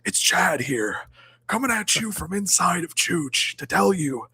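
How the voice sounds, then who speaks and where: A man's voice: high voice, sing-song, gravelly, sharp tone, husky, no echo, pitched above the performer's own voice, exaggerated voice. A man putting on the voice of a boastful young ladies' man who brags smugly and draws his words out. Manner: smug, drawn-out bragging.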